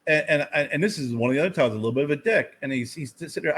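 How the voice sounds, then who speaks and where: Husky-voiced man telling profane stories. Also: a little high, very fast, few pauses. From United States. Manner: profane, animated storyteller who acts out his own past lines. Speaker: podcast co-host. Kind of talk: casual chat.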